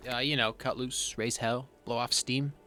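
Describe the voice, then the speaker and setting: A man's voice: medium pitch, steady tone, moderate pace, sharp tone, faint music behind. A man hosting a let's play, joking sardonically and reading his character's lines aloud. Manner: sardonic, joking, swears casually. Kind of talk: game commentary and reading dialogue aloud.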